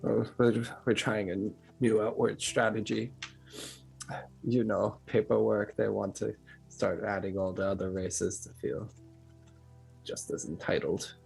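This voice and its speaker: A man voicing a gravelly stern village master. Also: lowish voice, little pitch movement, a little mellow, soft background music, full character voice. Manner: brisk, giving orders.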